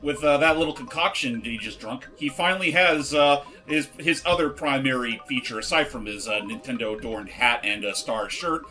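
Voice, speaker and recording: A man's voice: mid-range voice, fairly quick, few pauses, pushed and bright. A man in casual group game commentary, explaining game mechanics and swearing casually. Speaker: let's play commentator.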